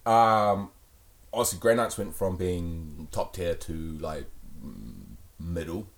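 Deep-voiced hesitant New man. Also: slow, vocal fry. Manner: hesitant, many fillers and restarts. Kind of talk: casual chat.

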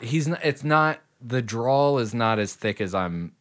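A man's voice: medium pitch, expressive, a little slow. Rambling, swearing man telling a story. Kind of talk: casual chat.

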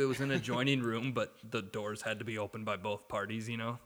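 Man, animated storyteller, bright tone, echoey room. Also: mid-range voice, fast talker, few pauses. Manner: animated storyteller who acts out quotes, swears. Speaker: podcast co-host. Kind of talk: casual chat, storytelling.

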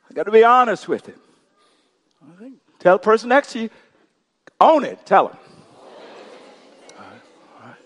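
A man's voice: sits high, sing-song, normal speed, long pauses. A male pastor delivering a sermon, leading the congregation in call-and-response, his volume swelling and dropping. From Texas. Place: large church sanctuary. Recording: long hall reverb.

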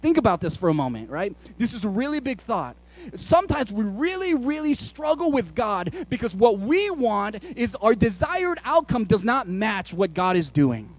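A man, a pastor, preaching a sermon in an animated, conversational way with playful asides. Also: sits high, moderate pace.

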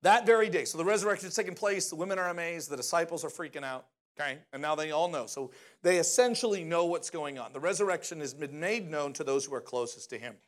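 A man delivering a casual, conversational sermon with a voice a bit higher than most men's. He talks in an animated way and keeps asking his listeners questions. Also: quick pace. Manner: animated, often asks the audience questions. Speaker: preacher.

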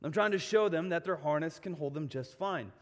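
A man's voice: a little high, a little fast, in a large hall. A male pastor preaching a sermon in a church, telling stories and repeating phrases for emphasis.

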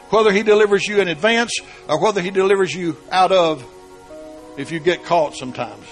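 A man preaching a sermon, moving between soft storytelling and shouted emphasis. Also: high voice.

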